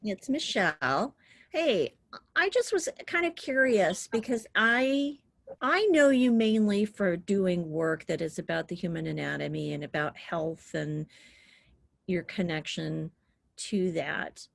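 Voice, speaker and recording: A woman with a lowish, gravelly voice asks a curious question in a friendly tone. The sound is dry and close. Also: lively intonation, takes it slowly, no echo. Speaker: caller with a question.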